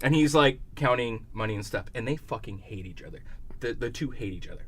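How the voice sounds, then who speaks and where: A man's voice: mid-range voice, expressive, brisk, slight background noise. A young adult man on a podcast, telling a story in casual chat. He swears freely and acts out the other people's lines as he goes. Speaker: podcast co-host.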